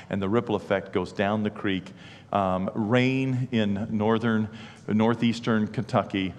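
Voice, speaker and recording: A man preaching a sermon, swinging from quiet, intimate talk to loud, impassioned repetition. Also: fairly low pitch. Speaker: pastor. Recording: long hall reverb.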